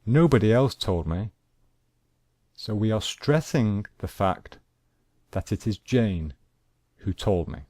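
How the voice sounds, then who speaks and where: A man teaching an English grammar lesson, speaking slowly and deliberately and repeating his examples. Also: on the low side, animated, mellow, no echo, studio quality.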